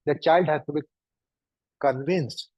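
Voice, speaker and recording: A man giving a lecture, speaking deliberately and piling up synonyms for emphasis. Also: fairly high pitch, darkish tone, dry recording. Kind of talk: lecture to an audience. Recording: dull, dry recording.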